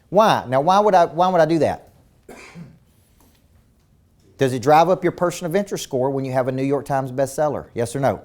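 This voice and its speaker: A business coach leads a virtual seminar in an intense, emphatic style, firing rhetorical questions at his listeners and repeating words as he opens each point. His voice sits at medium pitch, brisk and a little mellow, with lively intonation.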